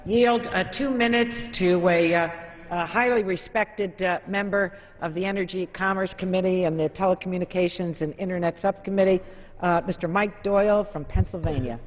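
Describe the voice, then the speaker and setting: Halting woman speaking in a chamber. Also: lowish voice. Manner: halting, with many fillers. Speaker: congresswoman managing floor time. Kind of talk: formal floor remarks. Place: large legislative chamber. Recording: dull broadcast audio in a long-reverb chamber.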